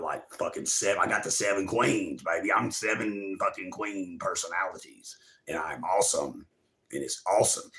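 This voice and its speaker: A man with a very low, deep voice delivers a spiritual monologue straight to his viewers. He preaches with profane emphasis, jumping from loud, forceful bursts down to hushed near-whispers. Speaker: show host.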